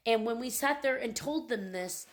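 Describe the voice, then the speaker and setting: A woman's voice: fairly high pitch, normal speed. A young adult woman, a mother, venting in an angry vlog rant, upset and indignant about her children's school. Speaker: parent.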